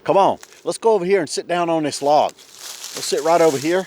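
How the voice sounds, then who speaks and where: A man chatting casually on an outdoor vlog, hushing and coaxing while he walks and sits to listen for birds. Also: a little high, expressive, normal speed, background noise. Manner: hushed, coaxing, folksy. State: a bit out of breath. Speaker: vlogger. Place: outdoors in woods.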